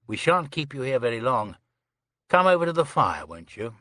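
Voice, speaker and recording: A man's voice: medium pitch, sing-song, a bit bright, no room sound, studio quality. A man reading as a courteous police inspector. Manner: measured, pleasant questioning. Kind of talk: audiobook character reading.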